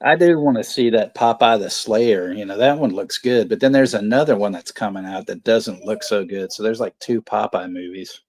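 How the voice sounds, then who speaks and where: A man's voice: lowish voice, normal speed, hardly any pauses, a little mellow. A man co-hosting a casual movie watch-along, rambling and crude, laughing often. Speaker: podcast co-host.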